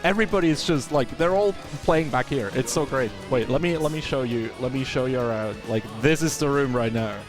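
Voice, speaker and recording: A man doing live esports commentary on a fighting game from the tournament venue, excitable, chatty and jokey. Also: medium pitch, a little fast, hardly any pauses, music in the background.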